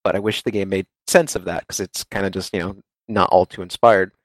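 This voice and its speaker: A man's voice: low-pitched, steady tone, fairly quick, dry recording. A man chatting casually about games, rambling and laughing easily. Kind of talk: casual game discussion.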